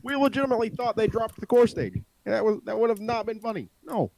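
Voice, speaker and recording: A man co-hosting a podcast in casual chat, animated and playful, joking around. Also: high voice, quick pace, vocal fry, dry recording, poor audio. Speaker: podcast co-host.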